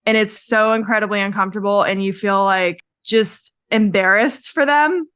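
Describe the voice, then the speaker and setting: A woman co-hosting a podcast, speaking at a mid pitch in an easy, chatty way. She tells stories and laughs often between her lines. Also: moderate pace, fairly bright tone, clear, resonant tone, no echo, clean studio sound. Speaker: podcast co-host. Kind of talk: casual chat.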